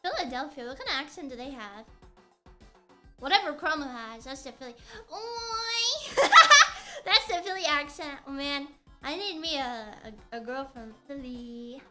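A young woman chats in a loose, playful ramble as she works on a craft during a live stream. Her voice sits high and comes across bright and clear. Soft music plays faintly behind her. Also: lively intonation, moderate pace. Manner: rambling, playful, chatty with restarts. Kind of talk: casual chat while crafting on stream.

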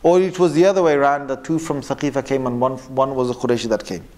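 A man teaching a religious lesson who quotes Arabic passages and then explains them in English, pausing often and correcting himself as he goes. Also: medium pitch, steady tone, darkish tone. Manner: pauses often, with fillers and self-corrections. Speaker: Islamic teacher. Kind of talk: lecture on religious texts.

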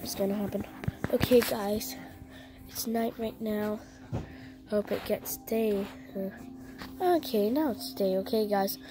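Slow, silly woman narrating toy play. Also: mid-range voice, music in the background. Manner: silly, chatty, talks to viewers. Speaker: channel host. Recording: noisy with clicking sounds.

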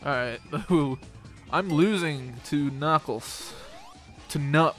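A young man is gaming with a friend over a call, and he often bursts out loud, swearing and laughing. His voice sits a little high for a man. A faint wash of game music plays behind him. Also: slow. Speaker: co-player. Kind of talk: casual gaming chat.

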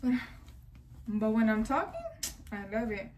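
A woman's voice: on the high side, unhurried, a little mellow, slight background noise. A young woman chatting casually to camera in a home vlog, rambling on as a self-described yapper, recorded on her phone at home. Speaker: vlogger.

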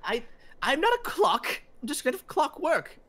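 A man's voice: very high-pitched, moderate pace, gravelly, voice pushed up, exaggerated voice. A man voicing a tall, spindly robot soldier who is zealous and naive and stammers often. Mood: wistful. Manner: stammering, naive, swings between solemn and excitable.

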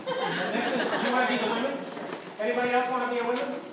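Joking pastor from across an echoey church. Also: female voice, on the high side, quick pace. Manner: chatty, joking, coaxing volunteers. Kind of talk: sermon, casual lead-in. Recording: distant mic in echoey church with loud hiss.

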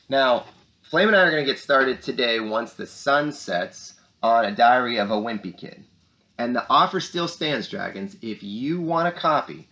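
A man with a mid-range, slightly bright voice hosts lively morning announcements for schoolchildren. He reads letters and leads exercises, speaking upbeat to the kids with rising emphasis.

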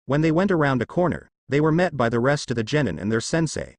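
A man narrating a fan fiction story with steady storytelling delivery. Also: mid-range voice, fast talker, no echo.

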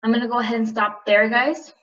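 A woman teacher reads a novel aloud and then talks it over with her class in a casual, chatty way. Her voice is bright and sharp. The recording sounds distant and muffled. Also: on the high side, little pitch movement, quick pace. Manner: casual and chatty between readings.

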